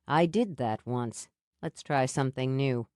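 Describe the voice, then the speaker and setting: Narrator voices a grown man, romantic lead, low wry coaxing tone, dry close read. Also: measured pace, darkish tone, no echo. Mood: teasing. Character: teasing, protective man in his prime.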